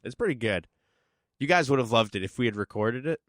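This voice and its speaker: A goofy, deadpan man co-hosting a podcast, his pitch swinging widely as he jokes around. The sound is dry and close, with no room echo. He drifts between lazy banter and silly noises. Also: a little fast. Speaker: podcast co-host. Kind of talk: casual banter. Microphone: studio mic.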